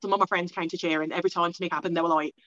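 A young woman from England telling a long personal story as an interview guest, rambling quickly with lots of "like" and acted-out self-talk. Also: on the low side, steady tone, a bit bright, dry recording, muffled recording.

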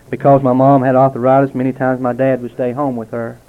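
A man giving a heartfelt spoken testimony to a gathering at a restaurant, telling stories with dramatic pauses. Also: medium pitch, flat delivery. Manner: earnest, storytelling with dramatic pauses. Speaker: lay speaker giving testimony. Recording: tinny, narrow-band lo-fi recording.

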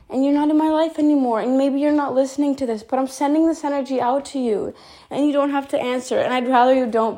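A woman's voice: on the high side, a little mellow. A woman recording a rambling, heartfelt voice memo, upset and talking straight to the listener, correcting herself as she goes. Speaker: voice memo host. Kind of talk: personal confessional monologue.

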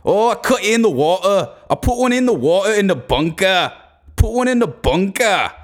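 A man's voice: big pitch swings, normal speed. A man doing a rowdy boozy Irish golfer. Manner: boozy, crude, high-pitched exclamations.

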